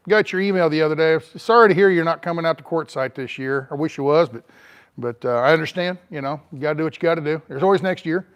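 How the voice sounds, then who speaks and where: An older man with a drawl chats casually outdoors, greeting viewers one by one and wandering off on tangents. His voice sits a touch higher than most men's, and he fills every pause with uhs. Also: clear, resonant tone. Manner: rambling, drawling, lots of uh fillers. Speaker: vlogger reading live chat. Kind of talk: casual live-stream chat.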